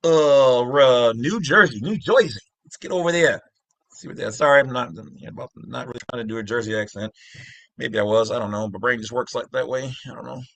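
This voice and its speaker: A man's voice: medium pitch, brisk, gravelly, dry recording. A middle-aged man hosting his own channel, explaining casually with rambling, jokey asides and frequent self-interruptions. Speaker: channel host. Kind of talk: casual explainer talk over a screen.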